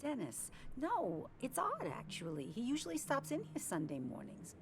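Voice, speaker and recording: A woman's voice: high voice, wildly swooping pitch, normal speed, gravelly, crowd noise, exaggerated voice. Older small-town cafe owner: motherly, chatty, a little nosy. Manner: gossipy, sweet, calls people dear and hun.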